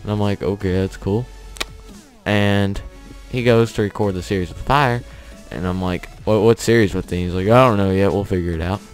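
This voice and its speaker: A young man talks casually over his gameplay, rambling and chuckling as he tells a story. His voice sits very low. Soft game music plays faintly behind him. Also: fairly even intonation, moderate pace. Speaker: gaming channel host.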